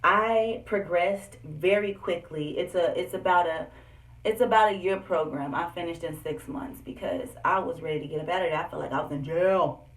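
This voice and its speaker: A young woman telling personal stories straight to her viewers in an animated, candid vlog. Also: lowish voice, normal speed, distant mic. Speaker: vlogger. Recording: echoey room, voice set back from the mic.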